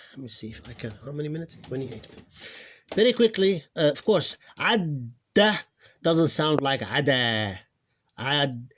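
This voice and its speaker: A man who is losing his voice, teaching a pronunciation lesson. He talks haltingly, repeats words and drills sounds slowly, clearing his throat now and then. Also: mid-range voice, a bit bright. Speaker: Arabic teacher. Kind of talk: live online lesson.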